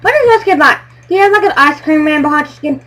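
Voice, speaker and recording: A woman chatting excitedly while playing a building game with friends, silly and bubbly, breaking into squeals. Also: high voice, quick pace. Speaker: gamer playing on a friend's server. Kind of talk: excited let's-play chatter.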